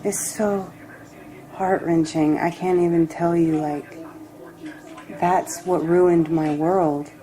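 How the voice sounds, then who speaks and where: A woman giving a personal tarot reading, reflective and emotional, rambling with pauses. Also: on the low side, fairly even intonation, dark tone, low-quality recording. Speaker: tarot reader.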